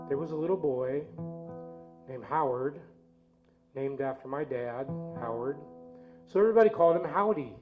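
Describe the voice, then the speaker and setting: A man with a slightly higher voice spins a folksy, relaxed story in a church sanctuary. Loud guitar plays under his words, and the recording sounds dull and lo-fi. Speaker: lay service leader and storyteller. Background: guitar playing.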